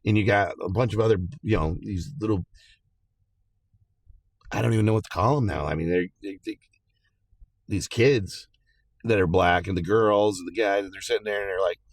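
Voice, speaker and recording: A man's voice: on the low side, normal speed, long pauses, no room sound. A man hosting casual political commentary, rambling and hesitant, talking straight to his viewers.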